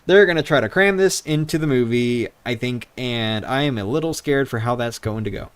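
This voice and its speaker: Chatty young man, smooth voice. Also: mid-range voice, normal speed. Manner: rambling, chatty, swears casually. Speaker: streamer. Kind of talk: casual livestream chat. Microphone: handheld microphone.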